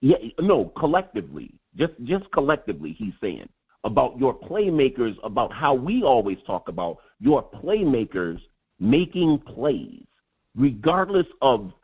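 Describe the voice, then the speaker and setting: Guy breaking down football over a tinny phone-ish line, animated, keeps repeating himself as he goes. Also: mid-range voice, husky. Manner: animated, repeats words when building a point. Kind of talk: casual sports chat.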